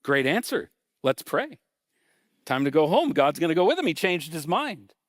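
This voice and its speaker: A male pastor delivering a sermon with a fairly high voice and an easygoing, conversational delivery. He reads scripture aloud, then unpacks it with animated asides. The sound is close and dry, with no room echo. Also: normal speed. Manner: animated and conversational, acting out reactions.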